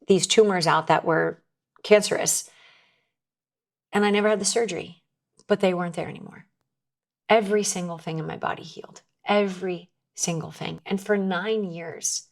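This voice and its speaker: A woman guest in a conversation, telling her personal story in an earnest, emotional way, often restarting her sentences. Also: fairly low pitch. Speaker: podcast guest.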